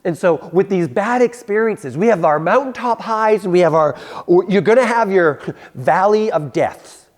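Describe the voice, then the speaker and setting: Young guy youth pastor, kinda higher voice, super animated storytelling sermon. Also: normal speed. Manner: animated, acts out voices, laughs at own stories.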